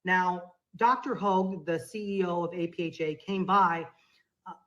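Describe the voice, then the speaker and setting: Speaking at a normal pace in a fairly low voice, a woman tells a story as a podcast guest, conversational and animated. She performs the dialogue of the people involved, and the recording has its highs cut off.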